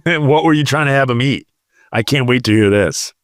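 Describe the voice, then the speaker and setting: A man's voice: mid-range voice, moderate pace, no echo, studio quality. A man co-hosting a podcast, teasing and easygoing in casual chat. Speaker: podcast co-host.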